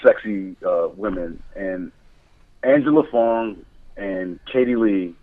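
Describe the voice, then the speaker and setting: A man appears as a guest on a casual podcast, a motion capture director telling stories candidly and laughing often. His voice is on the low side and slow-paced, coming through a tinny, phone-like line.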